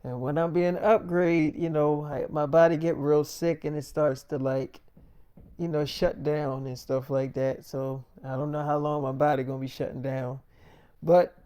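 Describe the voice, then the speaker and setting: A man's voice: a little high, warm tone, smooth. A man telling a rambling, profane story in a loose, casual monologue full of fillers, saying he feels lightheaded. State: feeling lightheaded.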